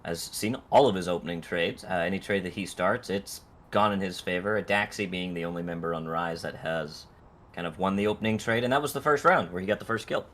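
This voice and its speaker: A man's voice: deep voice, fairly quick, a bit bright. Talkative guy co-casting a match, lots of uhs, plays out little bits of dialogue. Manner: chatty, many uh fillers, acts out players' lines. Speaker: esports co-caster. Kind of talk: casual color commentary.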